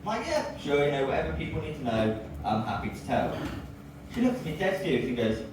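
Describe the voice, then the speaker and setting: An English man tells stand-up stories with a lively, swooping delivery. He is heard from a distance in a very echoey club, with noticeable background noise throughout. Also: a little high, quick pace. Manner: lively storytelling, bursts into loud cries. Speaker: stand-up comedian. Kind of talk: stand-up set. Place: comedy club with audience. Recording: echoey room from far off, audible noise.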